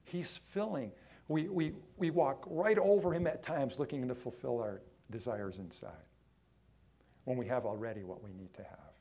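A man preaching a sermon, emphatic, swinging between loud lines and hushed ones, drawing some phrases out. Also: medium pitch, moderate pace, gravelly, slightly rough. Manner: acts out quoted voices in his own voice.

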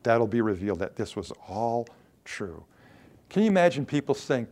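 A male pastor preaching a sermon, reading scripture aloud with dramatic quoted lines and dropping to a low, earnest voice. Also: expressive, moderate pace, pauses often, a little mellow.

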